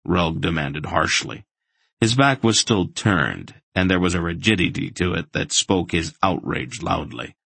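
Deep husky guy reading a fantasy audiobook, dry close mic. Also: a little slow, a bit bright, no room sound. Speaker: audiobook narrator. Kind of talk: scripted fantasy narration.

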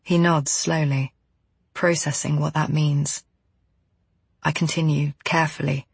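Husky woman narrating a novel. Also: deep voice, level tone, measured pace, dry recording. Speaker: audiobook narrator. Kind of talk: first-person novel narration.

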